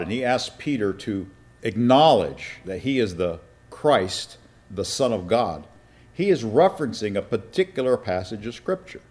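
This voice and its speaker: A man's voice: on the low side, darkish tone. A man preaching a sermon and teaching from Scripture, asking his congregation questions and reading passages aloud. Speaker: pastor. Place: church or meeting room with an audience.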